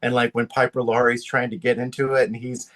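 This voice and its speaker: Animated rambling man from Louisiana. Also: a little fast. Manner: animated, rambling, with big pitch swings. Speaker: podcast guest, drag performer. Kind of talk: casual movie chat.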